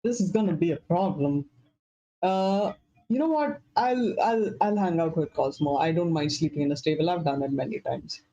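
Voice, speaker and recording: Easygoing tabletop player, mellow dark tone, muffled lo-fi stream audio. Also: medium pitch, lively intonation, normal speed. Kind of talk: casual tabletop play.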